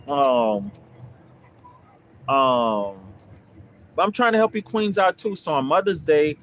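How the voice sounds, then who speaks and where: Over slight background noise, a medium-pitched young man answers livestream viewers in a relaxed way. He runs a land investing course and preaches bluntly, swearing and repeating himself often.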